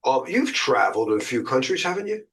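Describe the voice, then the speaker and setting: A man's voice: mid-range voice, big pitch swings, fast talker, fairly bright tone. An American man teaching exam prep in a casual, jokey chat, full of uh and um. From United States. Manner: chatty, jokey, lots of uh and um. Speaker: cybersecurity exam instructor.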